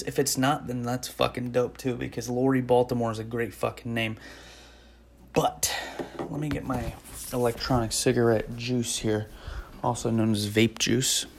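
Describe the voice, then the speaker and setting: A woman's voice: rumbling low, slight background noise. A woman hosting a podcast in a casual monologue, ranting with sarcasm and lots of swearing and rambling between topics. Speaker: podcast host; former stand-up comic.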